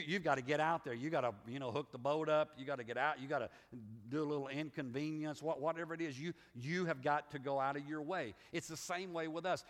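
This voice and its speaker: A middle-aged man with a Southern US accent delivers a folksy, conversational sermon, circling back and restarting his phrases as he goes. His voice sits on the higher side for a man. The sound carries a long reverb tail from a church sanctuary. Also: fairly bright tone. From Southern United States. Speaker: pastor.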